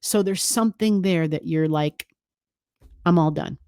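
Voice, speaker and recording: Lady astrologer rambling through a forecast, lowish voice, dry close sound, keeps saying right. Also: unhurried, a little mellow, dry recording. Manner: chatty, emphatic, many "right?" asides.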